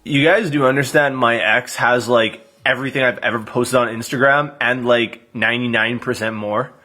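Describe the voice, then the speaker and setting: A man's voice: mid-range voice, fairly even intonation, normal speed, pushed and bright. A man in his late twenties chatting casually on a live stream, thanking viewers by name as he goes. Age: 20s.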